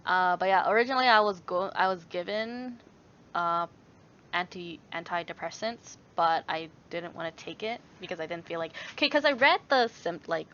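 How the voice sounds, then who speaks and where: A woman's voice: lowish voice, expressive, normal speed, bright, forceful tone, dull audio, a little hiss or hum. Rambling young woman in a casual vlog chat. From Canada. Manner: rambling, many fillers and restarts, laughs often. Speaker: YouTuber answering viewer questions.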